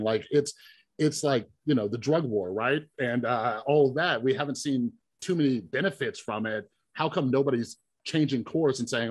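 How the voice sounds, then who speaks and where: A man hosting a podcast, with a slightly husky voice recorded dry and close. He asks long, casual questions full of fillers and restarts. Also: medium pitch, expressive, moderate pace, no room sound. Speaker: podcast host. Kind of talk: conversational interview.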